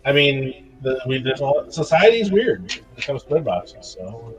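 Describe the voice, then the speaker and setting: A man's voice: mid-range voice, big pitch swings, normal speed, poor audio. A man who customizes toys, chatting casually on a live stream, laughing easily and often trailing off mid-thought. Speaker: toy customizer, co-host.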